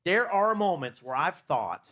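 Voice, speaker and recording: Conversational preacher with a fairly high voice. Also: male voice, big pitch swings, measured pace, fairly bright tone. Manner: asks the audience questions, talks about his own faults. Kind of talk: conversational sermon. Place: church.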